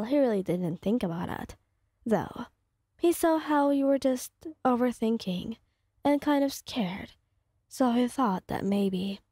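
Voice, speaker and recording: A woman narrates a second-person fan story in a casual, rambling way. Her voice sits fairly high and sounds mellow and breathy, recorded dry. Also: no echo.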